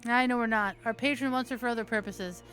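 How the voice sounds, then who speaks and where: A woman voicing a rough, menacing young male gang leader in a put-on accent, reading a story game aloud. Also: on the high side, steady tone, fast, fairly bright tone, soft background music, lightly acted. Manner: swaggering threats.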